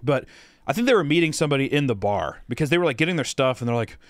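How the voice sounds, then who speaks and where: A man's voice: mid-range voice, lively intonation, rapid-fire, dry recording. Profane, rambling podcast co-host, man. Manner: profane, rambling with many fillers. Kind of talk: casual storytelling.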